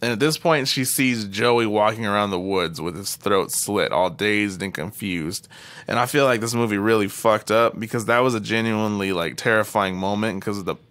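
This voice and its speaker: Bright-voiced young man recapping a film. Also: on the low side, normal speed, dry recording. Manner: profane, animated retelling with laughs. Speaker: podcast co-host recapping a film. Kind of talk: casual chat.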